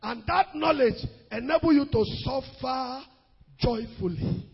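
High, raspy preaching man in a hall. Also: expressive, measured pace, lo-fi sound. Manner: preaching with sung, shouted emphasis. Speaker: pastor. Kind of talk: sermon.

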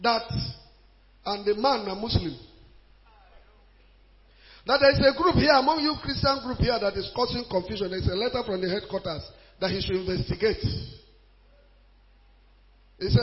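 A man preaching a sermon as an evangelist, shouting and chanting in a sing-song way. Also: high voice, moderate pace, long pauses. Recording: dull lo-fi recording.

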